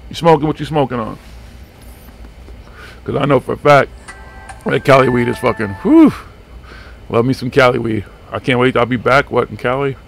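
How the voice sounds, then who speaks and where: Gravelly, profane talk-radio host man. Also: medium pitch, a little fast, long pauses, faint music behind. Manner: profane, rambling, animated. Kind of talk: casual live radio chat. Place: small home studio.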